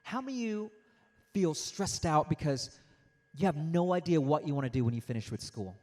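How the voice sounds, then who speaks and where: Energetic young man giving a motivational talk. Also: on the high side, normal speed. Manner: animated, interactive, storytelling with acted-out quotes. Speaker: motivational speaker. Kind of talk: energetic motivational speech to a youth audience.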